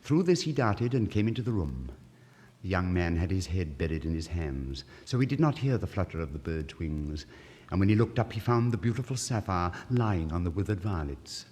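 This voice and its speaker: A man with a fairly low voice reads a fairy tale aloud, making his pitch rise and fall dramatically. The recording is an old vinyl one with a long hall reverb. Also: moderate pace. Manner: expressive, theatrical storytelling. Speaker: narrator. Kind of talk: storybook reading.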